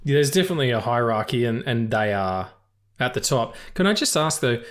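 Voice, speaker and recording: A man hosting a podcast, talking casually about films in an animated, rambling and profane way. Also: medium pitch, fairly quick. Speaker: podcast host. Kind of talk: casual film-discussion chat.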